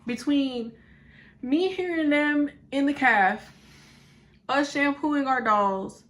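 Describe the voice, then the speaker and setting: A young woman vlogger tells a story in an animated, blunt way with lots of swearing. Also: sits high, slow. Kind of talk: casual storytime vlog.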